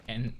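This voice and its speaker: A man chatting casually on a livestream, blunt and swearing freely. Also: slight background noise. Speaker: streamer.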